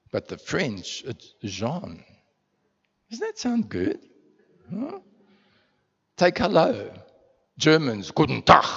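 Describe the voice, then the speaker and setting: South African pastor preaching in a church hall. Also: male voice, a little high. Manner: conversational preaching with rhetorical questions and repetitions. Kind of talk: sermon. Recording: muffled sound in a reverberant church hall.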